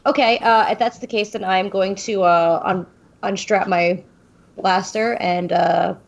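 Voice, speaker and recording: A woman's voice: mid-range voice, fairly even intonation, unhurried, gravelly. A woman playing a tabletop role-playing game, hesitantly asking questions and deciding her moves. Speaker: player. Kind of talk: casual tabletop game play.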